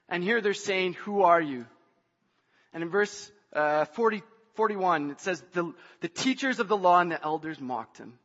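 High-voiced male preacher in a reverberant hall. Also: breathy edge. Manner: swings from hushed reading to shouted emphasis. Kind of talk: sermon. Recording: dull sound, long hall reverb, faint music.

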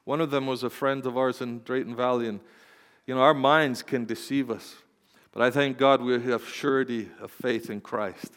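A man pastor preaching a sermon, swinging between loud, fervent exhortation and quiet, tender storytelling. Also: mid-range voice, fairly even intonation, moderate pace, clean tone. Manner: impassioned preaching, rising to loud exhortation and dropping to soft storytelling. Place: church sanctuary. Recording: long hall reverb.

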